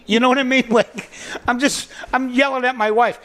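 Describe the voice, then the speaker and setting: A man, a guest comedian, telling stand-up stories in an animated, excitable way and doing quick voice impressions. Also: extremely high pitch. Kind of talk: stand-up storytelling.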